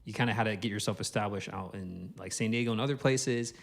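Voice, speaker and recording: A man's voice: lowish voice, fast, gravelly. A man in his thirties from Virginia hosting a podcast interview, speaking thoughtfully and hesitantly with many "um"s and "like"s. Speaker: podcast host.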